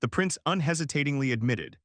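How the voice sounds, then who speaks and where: A man narrating a manga story recap in a steady, even storytelling delivery. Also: medium pitch, fairly quick, dry recording, studio quality.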